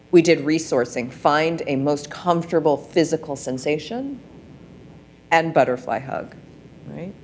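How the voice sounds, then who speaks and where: A woman's voice: low-pitched, a little hiss or hum. A woman presenting a wellness workshop, coaching listeners through practices with frequent rhetorical questions. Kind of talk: guided practice talk.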